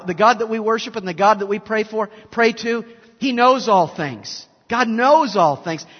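A man in his fifties preaching an emphatic sermon as a pastor, swinging between loud and soft. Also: high-pitched, in a large hall, lo-fi sound. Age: 50s. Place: large church hall.

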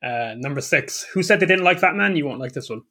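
Brief: Irish male podcast host, husky voice, jokey and profane, casual. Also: a little high, animated, quick pace, sharp tone. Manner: joking, profane, laughs often. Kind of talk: casual chat.

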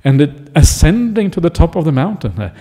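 Monk guy giving a dharma talk, mellow soft tone, lots of "yeah?", echoey hall. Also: a little high, big pitch swings, brisk. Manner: chatty, asks listeners "yeah?" often. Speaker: Buddhist monk teacher.

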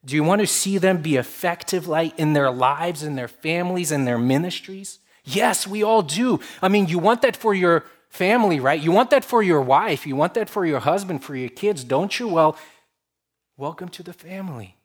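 A man preaching a sermon to his congregation, earnest and warm in delivery, swinging between emphatic rises and soft, drawn-out lines. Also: on the high side, lively intonation. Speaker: pastor.

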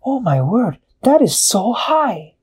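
A man voicing a small, jittery male sidekick in a told story, with a very high, fretful squeak. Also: moderate pace, darkish tone, breathy edge, exaggerated voice. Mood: anxious.

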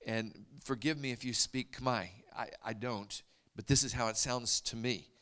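Animated storytelling preacher, man. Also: medium pitch, normal speed. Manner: animated, dropping to hushed whispers for emphasis. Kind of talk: storytelling sermon.

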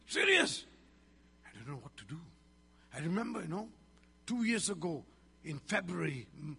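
Gravelly Malaysian pastor preaching. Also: male voice, fairly high pitch, very animated, normal speed, pauses often, sharp tone, a little hiss or hum. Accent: Malaysian English. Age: 50s. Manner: emphatic preaching with call-and-response questions. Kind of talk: sermon. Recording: reverberant hall.

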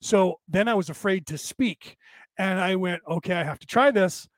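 A gray-haired older man hosts a podcast, delivering a casual monologue into a close mic in a dry recording. His worn voice sits a little high for a man, and he says it's damaged but penetrating. He rambles at a moderate pace with restarts and asides, sounding tired after hours of talking.

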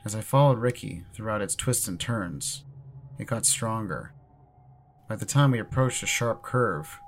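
A man narrating a horror story in a measured, ominous way. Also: fairly low pitch, vocal fry.

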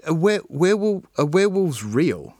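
A man playing an excitable male radio co-host reacting with disbelief. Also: a little high, moderate pace, dry recording, clean studio sound. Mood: incredulous. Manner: incredulous, slangy. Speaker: podcast co-host character.

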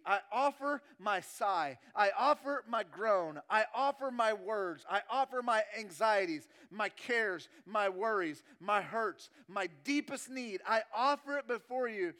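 High-voiced pastor, hushed to emphatic. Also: male voice. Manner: swings between loud emphatic passages and hushed, drawn-out soft ones; repeats and slows key phrases for emphasis. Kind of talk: sermon.

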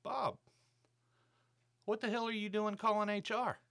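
Gruff, commanding older boss, pitched up and pushy as a man mimics him. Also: little pitch movement, a little slow, fairly bright tone, full character voice. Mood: angry. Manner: dismissive, commanding, blustering. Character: brusque, arrogant older male boss, ex-military.

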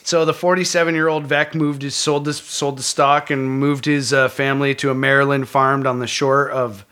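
A man's voice: mid-range voice, little pitch movement, normal speed, pushed and bright, clear, resonant tone. Casual man reading history notes. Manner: reads from notes with small slips, jokes with co-host. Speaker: podcast co-host.

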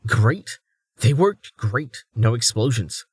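An easygoing young male adventurer with wry, dry humor, as an audiobook narrator voices him. The voice is mid-pitched and sounds close and dry. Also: expressive, takes it slowly, husky, no echo, heavily acted.

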